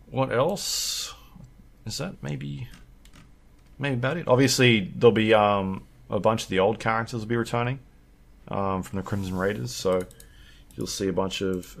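A man co-hosting a podcast, chatting casually and rambling with lots of fillers. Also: on the low side. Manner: rambling, filler-heavy, animated when telling stories. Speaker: podcast co-host. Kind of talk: casual chat.

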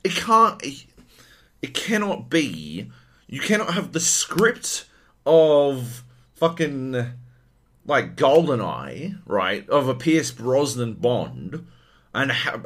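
Lively, swearing male podcast co-host. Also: medium pitch. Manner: profane, animated ranting. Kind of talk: casual gaming chat.

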